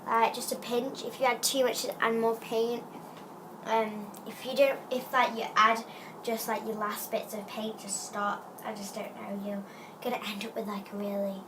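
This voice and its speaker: A woman's voice: a little high, level tone, normal speed, noisy background. A woman casually explaining a craft project step by step, rambling and hesitant, with lots of fillers and restarts. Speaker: craft tutorial presenter. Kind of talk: casual how-to narration.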